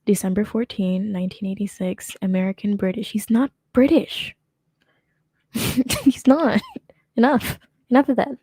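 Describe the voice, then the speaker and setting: A woman's voice: medium pitch, steady tone, a little slow, long pauses, dark tone, husky, no room sound, clean studio sound. A young woman hosting a casual reaction commentary, sarcastic and rambling, often laughing as she talks. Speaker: commentary host.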